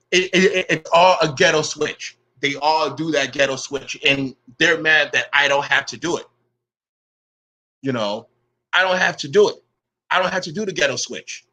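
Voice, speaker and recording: A man's voice: a little high, bright, forceful tone. A man ranting in casual talk, emphatic and repetitive, stumbling over his first words. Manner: emphatic, repeats himself, stammers at starts. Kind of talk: casual rant.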